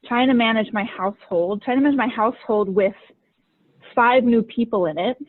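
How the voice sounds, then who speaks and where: Fairly high in pitch and at a normal speed, this woman hosts a podcast and coaches, chatting her way through stories packed with "like" fillers. The audio has a tinny, phone-like quality.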